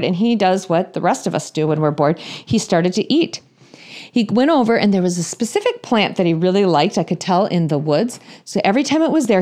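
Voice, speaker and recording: Woman, 30s to 40s, comic storyteller, animated, self-deprecating, mid-pitched. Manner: animated, self-deprecating, acts out her thoughts. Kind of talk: humorous personal storytelling.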